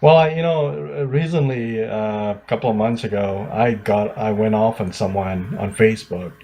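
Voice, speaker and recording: A man co-hosting a podcast, talking in a relaxed, hesitant way with many fillers. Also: lowish voice, moderate pace, slight background noise. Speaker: podcast co-host. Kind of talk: casual chat.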